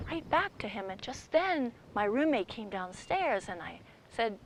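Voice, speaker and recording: Animated woman storyteller. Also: on the high side, normal speed, few pauses, very noisy. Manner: animated, playful, with sound effects. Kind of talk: oral storytelling performance.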